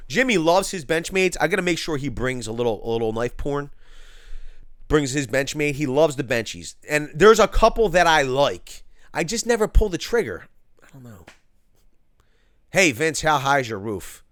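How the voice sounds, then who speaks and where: This livestream host from Philadelphia, USA, has a medium-pitched voice with lively intonation and a brisk pace, recorded clean in the studio with no room sound. He reads viewer chat in a relaxed, slangy manner, saying things like "yo" and "cuz."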